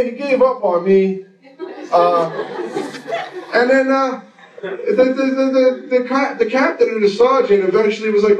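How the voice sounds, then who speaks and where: Speaking a little slowly in a high, slightly mellow voice, a man in his forties tells a loose, profane story on stage with a relaxed street manner. The crowd laughs along, and the dull, echoey audio was picked up by a distant mic.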